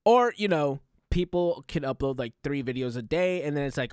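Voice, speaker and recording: A man streaming a reaction, talking casually in a loud, animated showman way. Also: on the high side, moderate pace, hardly any pauses, smooth, no echo, studio quality.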